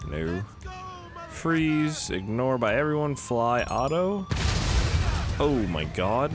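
A young man giving excitable, swearing commentary while playing a video game, yelping when things go wrong. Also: medium pitch, noisy background. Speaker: gaming YouTuber. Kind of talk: let's play commentary.

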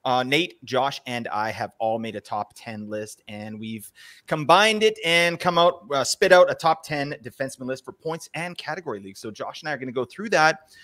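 A man's voice: mid-range voice, expressive, moderate pace, fairly bright tone. A man hosting a fantasy sports podcast, chatting casually with upbeat, joking banter. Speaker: podcast host.

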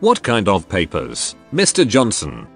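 A man's voice: fairly low pitch, huge pitch swings, unhurried, creaky, fairly bright tone, soft background music, exaggerated voice. A synthetic male text-to-speech voice voicing a predatory, drawling man who shuns the sun. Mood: smooth.

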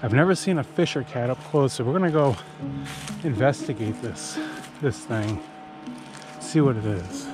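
A man's voice: mid-range voice, moderate pace, pauses often. A man casually vlogging outdoors in a backyard, talking in a laid-back, rambling way. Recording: clear music under the voice.

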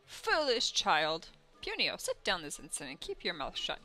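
A woman's voice: lowish voice, expressive, normal speed, bright, forceful tone, faint music behind. A woman voicing a cranky, bossy old female elder of a tiny bug-like tribe in a video game. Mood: scolding. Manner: scolding, bossy.

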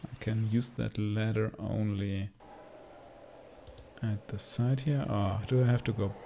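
Male streamer, slow and gravelly, sarcastic gameplay asides. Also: on the low side, level tone, warm tone, a little hiss or hum. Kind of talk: casual gameplay commentary.

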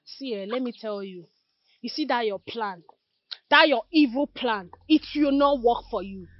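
A woman's voice: fairly high pitch, measured pace, dry recording, muffled recording, close to an everyday voice. An actress with a Nigerian accent playing an outspoken young woman who confronts a scheming friend. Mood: scolding. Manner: confrontational, scolding.

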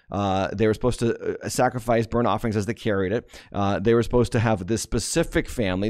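Guy preaching, mid-pitched voice, reads scripture then explains it, stumbles and restarts a lot. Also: a little mellow. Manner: expository preaching with frequent restarts and rising emphasis. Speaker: pastor. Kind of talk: sermon.

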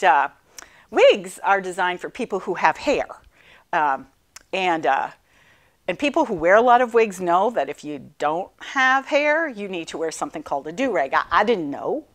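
Middle-aged woman telling funny cancer stories, lowish voice, laughs a lot. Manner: animated, self-deprecating storyteller, laughs often. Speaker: cancer survivor speaker. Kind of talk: storytelling class talk.

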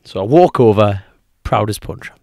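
A man co-hosting a podcast, telling a long joke in a lively, repetitive way. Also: fairly low pitch, moderate pace, no echo, clean studio sound. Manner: animated storyteller, repeats himself, acts out voices. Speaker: podcast co-host.

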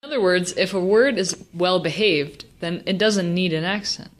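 A woman explaining a language lesson, slowing down to pronounce example words with care. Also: on the low side. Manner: slow, deliberate pronunciation of example words. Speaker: Spanish teacher.

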